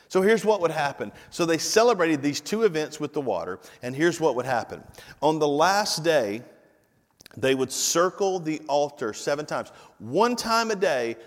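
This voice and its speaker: A man preaches a sermon from a church sanctuary, repeating his key phrases and building to loud, emphatic peaks. He breaks off for casual asides to the congregation and the slide operator, in a voice of ordinary male pitch. His words trail off into the long reverb of a large hall. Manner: informal asides to the congregation and tech team. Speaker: pastor.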